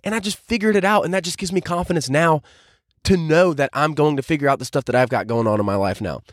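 Young male podcast host in his 20s, quick and rambly, dry close sound, casual reflective monologue. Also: on the high side, no echo. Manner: casual, rambling, many filler "like"s.

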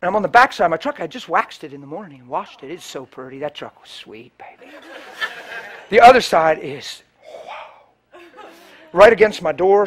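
A man preaching, telling a personal story animatedly and swinging from hushed to loud. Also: a little high. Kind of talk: storytelling sermon.

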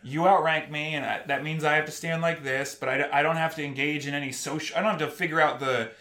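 A man talking casually on a podcast, deadpan, acting out quoted exchanges in stiff voices. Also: on the high side, quick pace, roomy sound. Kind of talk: casual chat.

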